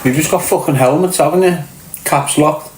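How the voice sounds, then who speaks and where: A middle-aged Liverpool man talks straight to his audience, blunt and full of swearing, throwing rhetorical question after rhetorical question. His voice sits a little higher than most men's. The room around him rings with noticeable echo. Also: normal speed, darkish tone, slight background noise. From Liverpool, England. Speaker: podcast host. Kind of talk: ranting monologue to viewers.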